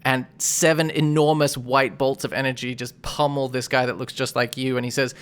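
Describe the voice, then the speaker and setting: A man serving as game master for a tabletop game, with a bright, forceful voice at a mid pitch. He narrates combat casually and rambles, leaning on fillers as he works out rolls. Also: little pitch movement, brisk, few pauses, smooth. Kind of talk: running a tabletop game over voice chat.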